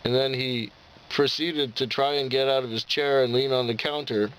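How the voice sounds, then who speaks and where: A man's voice: mid-range voice, steady tone, moderate pace, fairly bright tone, slight background noise, low-quality recording. A man who drives a taxi, telling a story in a casual vlog, rambling with lots of fillers and restarts.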